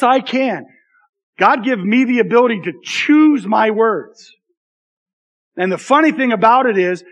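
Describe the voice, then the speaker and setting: High-voiced man preaching a casual sermon. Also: a bit bright. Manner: conversational, self-deprecating, frequent "right?" asides. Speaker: pastor.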